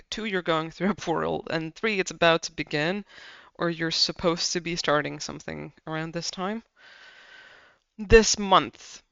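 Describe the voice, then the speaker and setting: Excitable, swearing tarot reader with a smooth voice. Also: mid-range voice, no echo, highs cut off. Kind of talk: casual pick-a-pile tarot reading.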